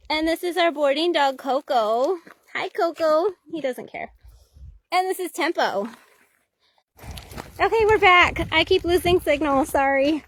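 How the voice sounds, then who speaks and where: Breathless high-voiced woman on a hike. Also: normal speed, long pauses, dry recording. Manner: breathless, chatty, baby talk to her dogs. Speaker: dog owner vlogger. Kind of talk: casual live-stream chat. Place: mountain trail outdoors. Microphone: phone held selfie style.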